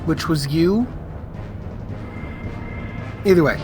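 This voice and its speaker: A man's voice: fairly high pitch, slow, a little mellow, faint music behind. A man co-playing a game, talking casually with dry, teasing remarks. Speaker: co-player. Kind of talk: casual gaming chat.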